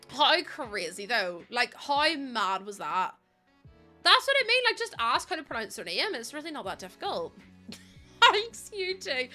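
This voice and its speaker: A woman's voice: on the high side, sharp tone. A young woman streaming a game from home, talking in a chatty, rambling way and laughing often. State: pregnant. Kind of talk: casual live-stream chat.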